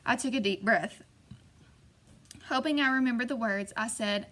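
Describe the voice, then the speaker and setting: Woman reading a scary story aloud, somewhat high voice, measured and suspenseful. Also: fairly bright tone. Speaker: audiobook narrator. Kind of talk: scripted first-person narration.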